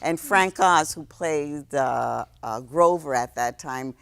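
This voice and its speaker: Low-voiced woman guest, reflective and candid. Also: slow, vocal fry. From New York City, South Bronx. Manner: reflective, frequent "uh" fillers and restarts. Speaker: guest, actress. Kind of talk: relaxed interview conversation.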